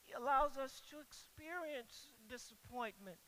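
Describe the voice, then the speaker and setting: A preacher delivering a sermon, swinging from quiet, low reflection to loud, pressing rhetorical questions, often stumbling over and repeating words for emphasis. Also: unhurried, poor audio. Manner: stammers and repeats words when stressing a point.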